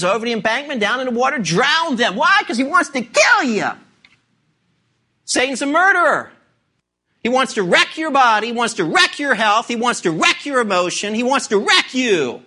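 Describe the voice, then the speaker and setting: A pastor with an extremely high, sharp voice preaches an emphatic sermon packed with rhetorical questions. He asks the congregation to turn to scripture.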